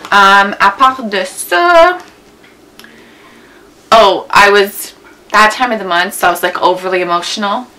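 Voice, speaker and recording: A woman's voice: medium pitch, lively intonation, measured pace, long pauses, sharp tone, rough recording. A young woman in her twenties chatting casually at home in a vlog, rambling with lots of "like" and "um". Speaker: beauty vlogger. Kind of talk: casual chatty tag video. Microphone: camera mic.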